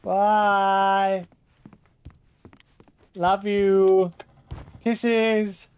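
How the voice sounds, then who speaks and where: A woman's voice: mid-range voice, flat delivery, very slow, darkish tone, clean tone. A woman streaming a video game, giving playful, teasing commentary and talking back to the screen. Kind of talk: casual gameplay commentary.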